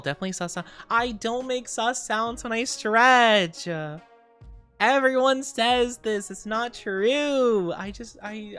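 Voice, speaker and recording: A woman's voice: medium pitch, fairly bright tone, smooth. A woman streamer chatting casually with her live chat, rambling and giggling often, tired and yawning. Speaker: VTuber streamer.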